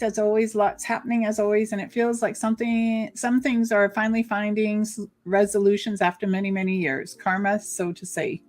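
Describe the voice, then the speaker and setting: A woman co-hosting a live psychic card-reading stream, chatting and reading viewer comments aloud. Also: on the high side. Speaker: co-host psychic reader.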